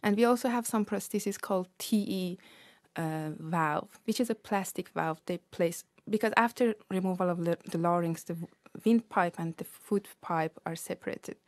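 A woman researcher being interviewed on radio, explaining her work in a measured, careful way. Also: on the low side, a little mellow, no echo. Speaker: researcher guest.

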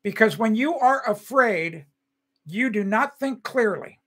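A man's voice: high voice, animated, a little slow, fairly bright tone, poor audio. An older man hosting a livestream, ranting angrily and repeating phrases, then reading viewer comments and answering by name. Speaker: host of a home-building show.

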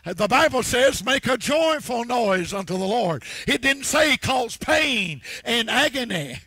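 A pastor preaches in a folksy, storytelling way, peppering his sermon with amens. His voice sits high and gravelly with a bright, husky edge. The sound is close and dry. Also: big pitch swings, unhurried, no room sound. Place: church.

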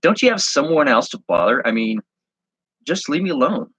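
A man's voice: medium pitch, very animated, normal speed, fairly bright tone, slightly rough, no room sound, pitched above the performer's own voice. A man voicing a curt, cold young woman. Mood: irritated. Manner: curt and dismissive. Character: cold, guarded young woman bookstore browser.

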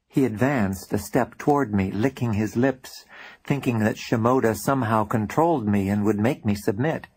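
A man's voice: fairly low pitch, normal speed, a little mellow, husky. A man, the author, narrating his own book as a first-person audiobook in a plain storytelling manner.

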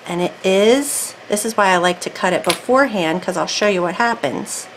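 A woman's voice: mid-range voice, normal speed, rough recording. Woman, casual craft tutorial, rambling self-talk while working, faint background noise. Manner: chatty, self-talking while working, thinks aloud. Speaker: craft video creator.

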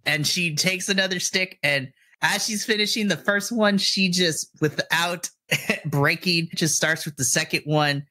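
A man narrating a tabletop game as game master, excitable and giggly, often restarting his sentences. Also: high voice, measured pace.

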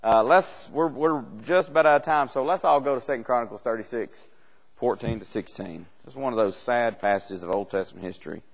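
A man's voice: mid-range voice, a little fast. An earnest man leads a church Bible class in a plain, conversational voice. He often doubles back on words as he builds each point. The sound has a long reverb from the church room.

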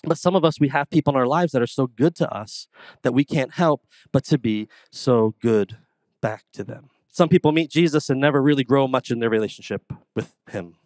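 A man preaching a sermon as pastor, telling casual stories in an animated, conversational way. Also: mid-range voice, brisk, no echo. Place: church sanctuary.

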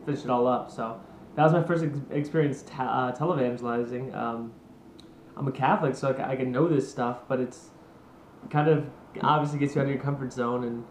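A man's voice: medium pitch, steady tone, fairly quick, echoey room, slight background noise. A man hosting a casual vlog, chatty and rambling, poking fun at himself. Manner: chatty, rambling, self-mocking. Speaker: vlog host. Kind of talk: casual talk to camera.

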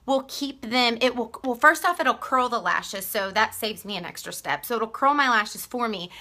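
A woman with a Texan accent hosts a casual live-stream sales chat about mascara, her tone bright and forward. Her voice sits a little high, and she chatters along, laughing often and calling out viewers by name. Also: animated, normal speed. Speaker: live-stream makeup seller.

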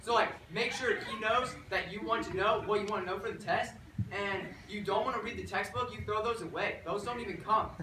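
A man's voice: sits high, a little fast, background noise, close to an everyday voice. A young man playing a clueless bro who runs a community college language department, rambling with likes and ums in a live improv scene, recorded from far off on an echoey stage. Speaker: improv player.

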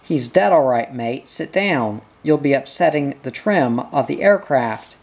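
A reader doing a gruff ambulance attendant who waves off alarm with flat, dismissive words. The delivery is husky and measured. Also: medium pitch. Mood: brusque. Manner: brusque and dismissive.

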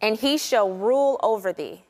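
A woman slowly reading Bible verses aloud as co-host of a podcast. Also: on the high side, a little mellow, in a large hall.

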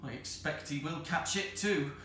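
A cheeky young housemaid from a storybook, voiced by a man. She talks in plain servant speech, a little raised and bright. A roomy hall is heard around her. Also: on the high side, normal speed, pitched above the performer's own voice. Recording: roomy hall with faint noise.

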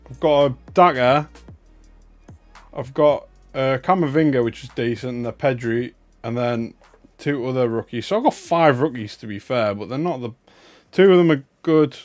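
A young man from North East England opens cards for viewers on a livestream, chatting glumly and poking fun at himself. His voice is medium-pitched, his speed normal, and soft music plays in the background.

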